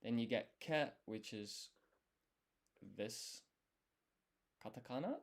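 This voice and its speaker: This man is a language learner thinking aloud on a study stream, explaining every step and testing himself quietly under his breath. His voice is mid-range and his pace slow.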